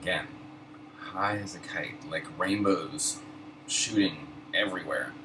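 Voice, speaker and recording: Low-voiced laid-back stoned storyteller, a man. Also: takes it slowly. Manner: laid-back, profane, wry. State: high. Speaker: host. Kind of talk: casual storytelling. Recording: distant mic, air-conditioner hum.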